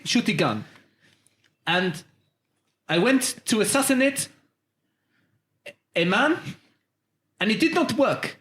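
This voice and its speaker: A man's voice: high-pitched, a bit bright, voice pushed up, exaggerated voice. A man putting on an indignant French would-be assassin. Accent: put-on French. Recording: roomy echo.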